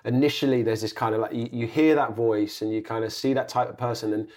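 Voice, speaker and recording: A young man, an actor, chatting as a guest in a relaxed, rambling way that circles back on itself. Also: medium pitch, fast talker. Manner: laid-back, rambling, self-correcting. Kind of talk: casual interview chat.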